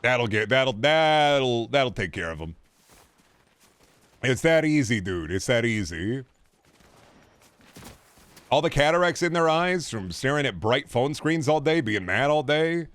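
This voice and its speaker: A man's voice: medium pitch, sing-song, a little slow, long pauses, fairly bright tone, no room sound. A young man streaming a game, riffing in a profane, sarcastic way in casual chatter.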